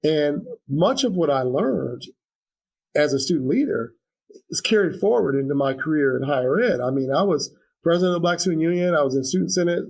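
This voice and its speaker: A man's voice: on the high side, expressive, a little fast, vocal fry, darkish tone, breathy edge, rough recording. A middle-aged man speaking as a guest in an interview, earnest and reflective, with frequent restarts and fillers. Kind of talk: conversational interview.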